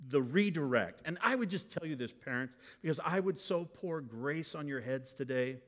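A middle-aged man preaches in a church sanctuary. His voice sits a touch high and rings bright, and his delivery swings from quiet confiding to forceful exclamations. A long reverb trails every phrase. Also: animated, normal speed. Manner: swings from hushed confiding to loud shouted bursts. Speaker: pastor. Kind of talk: sermon.

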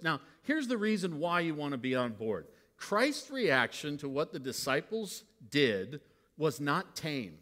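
Bright-voiced pastor preaching in a hall. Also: male voice, on the high side, sing-song, measured pace. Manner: swings from hushed confiding to loud shouted bursts. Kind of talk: sermon. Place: church sanctuary. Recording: long hall reverb.

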